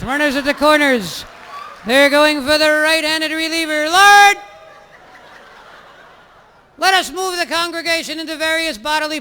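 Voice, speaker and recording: Droning singsong priest. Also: male voice, bright, forceful tone. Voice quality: clipped, strained, froggy drawl on "Lord". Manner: high sustained singsong chant. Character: droning male priest, clipped nasal singsong, padding mass. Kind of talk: stand-up character bit.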